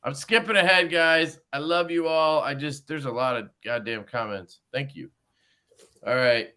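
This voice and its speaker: A man's voice: a little high, normal speed, pushed and bright, clean tone. A man hosting a livestream in casual chat, rambling and jokey, with some swearing. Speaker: livestream host.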